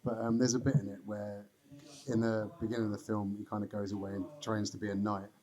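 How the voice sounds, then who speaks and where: A man hosting a laid-back podcast, his voice low and fairly flat. He tells his story in an easygoing manner, and a clear crowd murmur sits behind him. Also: fast. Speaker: podcast host. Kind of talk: casual podcast conversation.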